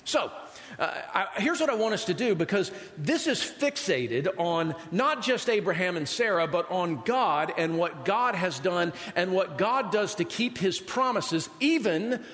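A man's voice: high-pitched, expressive, unhurried, a bit bright. A male pastor preaching a sermon in a conversational way, often asking the listeners rhetorical questions. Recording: reverberant hall.

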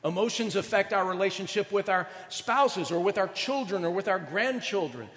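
A male pastor preaching a chatty, animated sermon, often asking his audience questions. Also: sits high, moderate pace, long reverb tail.

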